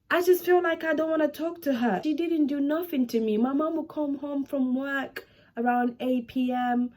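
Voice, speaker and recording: A woman in her twenties talking casually to camera in a home vlog, animated and chatty, repeating herself for emphasis. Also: fairly high pitch. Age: 20s. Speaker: vlogger.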